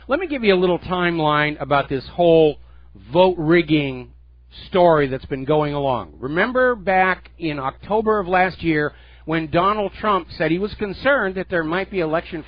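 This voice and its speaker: A man's voice: a little high, highs cut off. A man hosting a solo political talk radio show, speaking emphatically and sarcastically into a close studio microphone. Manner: emphatic, sarcastic, mocks quoted figures in a put-on voice.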